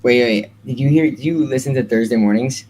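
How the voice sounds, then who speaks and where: A chatty young man co-hosting a podcast, rambling freely and filling his talk with "like". His voice sits at an ordinary middle pitch in relaxed conversation. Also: fairly quick. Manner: chatty, rambling, filler-heavy. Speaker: podcast co-host. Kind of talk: casual chat.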